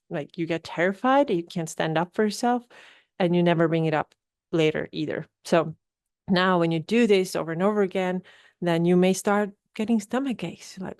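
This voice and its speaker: A woman's voice: fairly low pitch, darkish tone, no room sound, clean studio sound. A woman hosting a podcast, coaching listeners and often tagging her points with "right?". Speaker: podcast host. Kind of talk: solo podcast talk.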